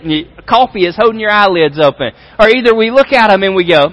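A man's voice: sits high, expressive, quick pace, few pauses, a bit bright, low-quality recording. A male pastor giving a conversational sermon in a large church auditorium, repeating phrases for emphasis.

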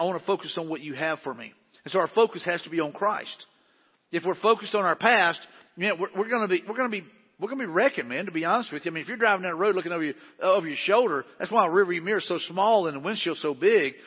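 A man's voice: high-pitched, slightly rough. A middle-aged man preaching a sermon, folksy and conversational, often restarting his sentences. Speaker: pastor. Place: large church hall. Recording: muffled hall recording with long reverb.

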